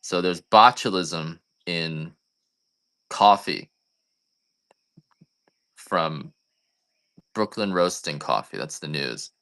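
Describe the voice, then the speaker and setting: Low-voiced man ranting jokily. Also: expressive, drawn-out words, pauses often, sharp tone. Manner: rambling, joking rants. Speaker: coffee farmer selling on a live stream. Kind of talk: casual live-stream sales chat.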